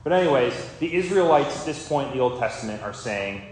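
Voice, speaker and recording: A man's voice: mid-range voice, expressive, fast talker, few pauses, a little mellow. A man giving a conversational, loosely rambling sermon with plenty of asides. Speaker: preacher. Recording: very echoey room with faint ambient noise.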